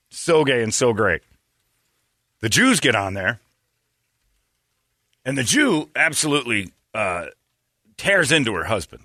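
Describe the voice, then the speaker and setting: A man's voice: mid-range voice, measured pace, long pauses, no room sound, clean studio sound. A man hosting a podcast in casual chat, telling stories with put-on voices and laughter. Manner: animated storytelling with mocking voices and laughs. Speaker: podcast host.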